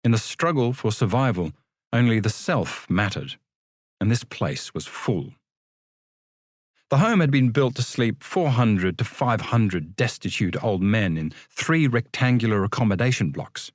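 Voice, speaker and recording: Male audiobook reader, very animated pitch, dry close sound, expressive. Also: a little slow, dry recording. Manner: expressive, lively storytelling. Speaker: audiobook narrator. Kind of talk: scripted storybook narration.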